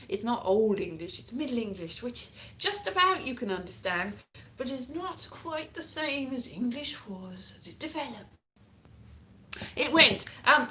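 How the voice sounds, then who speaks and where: On her own livestream, a woman chats playfully and rambles, trailing off and starting over. Her voice is on the high side, pushed and bright, with slight background noise.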